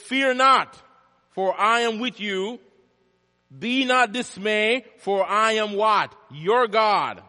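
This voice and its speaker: A man preaching a sermon as pastor, swinging from loud, emphatic declarations to quiet asides and prompting the congregation to answer back. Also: high voice. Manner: call-and-response prompts to the congregation. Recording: long reverb of a large hall.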